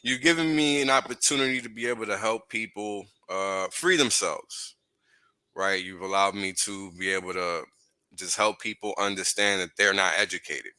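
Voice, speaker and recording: A man with a very deep voice and a sharp, bright tone speaks earnestly and gratefully in a laid-back way. He is a guest on a casual livestream, heard through a dry computer mic. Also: moderate pace, clean tone, no echo.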